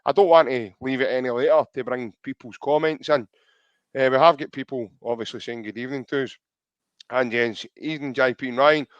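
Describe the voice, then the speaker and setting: A man's voice: medium pitch, steady tone, brisk, no room sound, muffled recording. A man with a Scottish accent hosting a podcast in casual chat, reading out viewer comments and calling his co-host mate. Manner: chatty, calls co-host mate.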